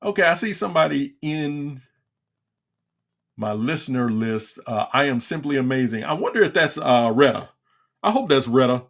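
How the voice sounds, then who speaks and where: A man's voice: fairly high pitch, sing-song, moderate pace, vocal fry, pauses often. A middle-aged man hosting a livestream, ranting in a frustrated, repetitive way with many stumbling restarts. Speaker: livestream talk show host. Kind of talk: casual ranting commentary.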